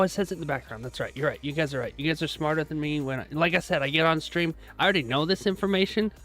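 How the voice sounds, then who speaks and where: A man's voice: fairly high pitch, quick pace, few pauses, a bit bright, faint music behind. Chatty male trader live-streaming to viewers. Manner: chatty, self-deprecating, reads out chat comments.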